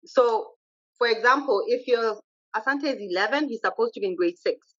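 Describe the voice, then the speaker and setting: A woman's voice: fairly high pitch, moderate pace, fairly bright tone. A woman guest in casual conversation, a mother talking assertively and chattily about raising her kids. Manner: chatty, assertive, quotes her kids' exchanges. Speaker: podcast guest, mother of three. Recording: muffled lo-fi recording.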